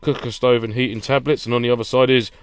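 A man's voice: mid-range voice, fairly even intonation, quick pace, clear, resonant tone, no echo. A man co-hosting a podcast, ranting with laughter in a casual chat. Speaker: podcast co-host.

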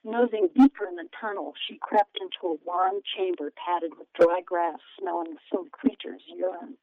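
A woman, a children's author, reading aloud from her book with expressive storytelling in an interview. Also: fairly low pitch, normal speed, no echo, phone-quality sound.

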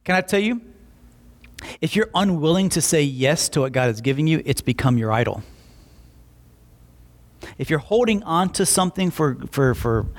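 A man preaching a Bible-teaching sermon in an animated way, acting out quick voices for emphasis. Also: on the high side.

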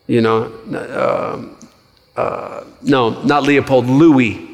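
A male pastor preaching a sermon in a conversational, animated way, with quick asides and stories. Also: mid-range voice, creaky. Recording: reverberant hall.

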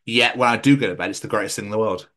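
A man co-hosting a podcast, chatting casually and telling crude, animated stories with voices thrown in. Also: fairly low pitch, rapid-fire. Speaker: podcast co-host. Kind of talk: casual banter.

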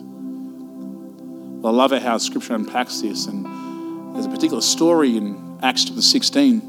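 A man's voice: medium pitch, normal speed, long pauses, music in the background. A man preaching a sermon to a church, impassioned, repeating rhetorical questions. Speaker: pastor. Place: church service.

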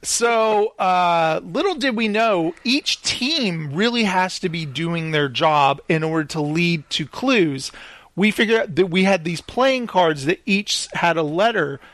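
A man telling a story in casual chat, lively and acting out the people in it. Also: high voice, unhurried, dry recording. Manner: animated, acts out the people in his stories.

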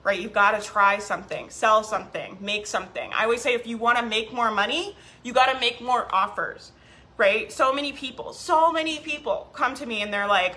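A woman's voice: fairly high pitch, a little fast, sharp tone. A woman coaching business owners on a live stream, upbeat and emphatic, repeating key phrases and reading viewer comments aloud.

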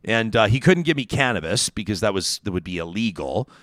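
A man hosting a podcast, telling stories in a casual, animated, digressive way. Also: lowish voice, brisk, dry recording. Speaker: podcast host. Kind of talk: casual chat.

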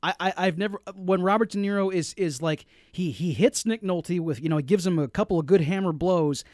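A man co-hosting a casual movie review chat, animated and indignant, often stumbling and restarting his sentences. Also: high voice, a little fast, no echo, clean studio sound. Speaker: podcast co-host.

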